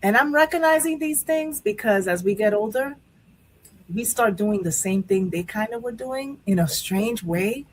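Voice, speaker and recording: A woman with a husky, slightly breathy voice hosts a casual live talk show. She talks in an open, emotional way and circles back on herself with restarts and fillers. Her pitch sits mid-range for a woman. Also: expressive, moderate pace, low-quality recording. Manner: candid, emotional, rambling with many restarts. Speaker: show host.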